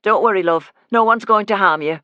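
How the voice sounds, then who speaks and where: Man reading as a mother, sullen and suspicious, high and shrill, loud and pushy, audiobook voice, dry close sound. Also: a little fast, smooth, no echo, highs cut off. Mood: protective. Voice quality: sharp, high and combative. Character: sullen older working-class mother, suspicious and protective. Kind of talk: audiobook character voice.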